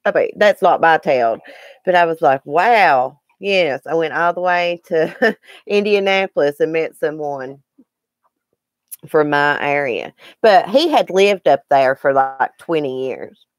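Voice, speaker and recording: Folksy Southern woman with a low voice. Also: lively intonation, measured pace, no echo, studio quality. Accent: Southern Appalachian (Southwest Virginia). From Southwest Virginia, grew up partly in Eastern Kentucky. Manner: chatty, folksy, talks to viewers by name. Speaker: livestream host. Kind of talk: casual chat with live viewers.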